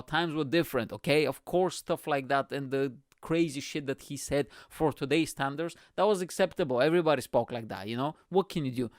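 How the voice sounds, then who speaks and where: Young man, podcast host, slightly high voice, dry close sound, swearing, rambling, high-energy. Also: no room sound. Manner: energetic, profane, rambling storytelling. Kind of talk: casual comedic podcast monologue.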